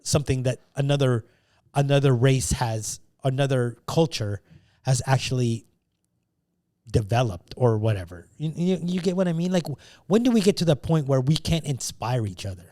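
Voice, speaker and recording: In a clean studio recording with no echo, a man co-hosts a casual podcast chat in a warm, mid-range, animated voice at a moderate pace. He talks emphatically, swears freely and repeats words as he starts sentences.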